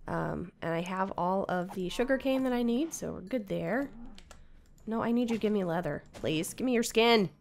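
A woman chats her way through a video game, narrating each step to herself in a casual, running commentary. Her mid-pitched voice carries a gravelly, creaky edge. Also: animated, moderate pace, darkish tone. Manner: chatty, talks to herself while playing. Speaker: Minecraft player.

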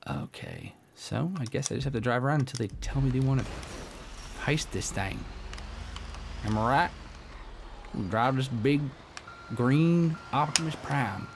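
Gravelly, excitable young gamer guy. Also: mid-range voice, a little slow, long pauses, slight background noise. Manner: excitable, goofy, often drops to a hushed half-whisper. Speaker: let's play gamer. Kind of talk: gameplay commentary.

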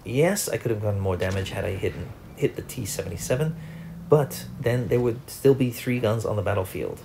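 A man's voice: lowish voice, expressive, brisk, gravelly, background noise. A young man, host of a gaming channel, giving chatty, self-mocking commentary over his own gameplay.

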